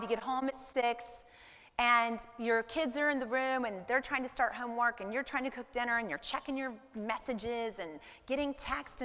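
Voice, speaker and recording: A middle-aged woman gives a motivational talk, her voice bright and a touch high. She talks animatedly to the crowd and acts out everyday moments with quoted lines. The sound carries the long echo of a large hall. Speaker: speaker at a women's business event.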